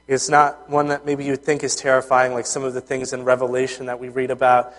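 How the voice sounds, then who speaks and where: A man's voice: mid-range voice, monotone, a little fast. Male pastor, conversational sermon, mid-range voice, reverberant hall sound. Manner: earnest, conversational, with frequent fillers and restarts.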